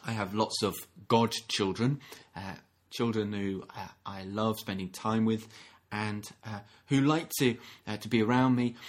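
Husky-voiced man preaching. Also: medium pitch. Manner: gentle and reflective, with frequent restarts and acted-out quotes. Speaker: minister. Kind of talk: sermon.

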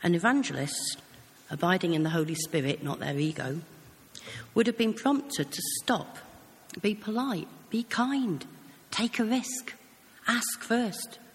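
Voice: mid-range voice, expressive, measured pace. A preacher with a British accent giving an earnest sermon, telling stories in a conversational way. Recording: long hall reverb.

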